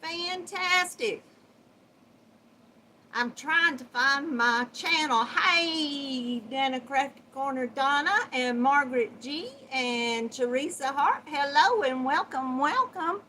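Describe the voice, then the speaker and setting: A woman's voice: high voice, slow pace, hardly any pauses, pushed and bright, a little hiss or hum, low-quality recording. A woman with a Southern US accent hosting a casual live-stream chat. She greets her viewers by name, chatting and laughing often. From Georgia, USA. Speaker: crochet channel host.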